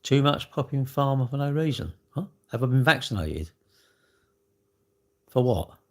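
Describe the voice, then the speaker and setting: British bloke live-streaming, chatty and rambly, goes off on tangents, mid-pitched voice. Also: male voice, a little fast. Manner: rambling, animated, chatty with slang. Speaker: livestreamer answering chat. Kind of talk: casual live-stream chat.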